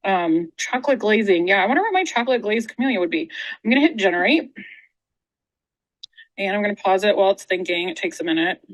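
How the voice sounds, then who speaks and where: A woman's voice: medium pitch, expressive, quick pace. A woman hosting a webinar, giving a casual, rambling screen-share presentation full of asides and fillers. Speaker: webinar host.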